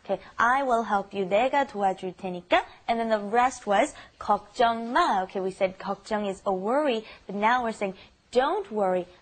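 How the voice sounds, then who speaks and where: A woman's voice: mid-range voice, quick pace. A woman hosting a casual language lesson, upbeat and teasing as she explains phrases. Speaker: host.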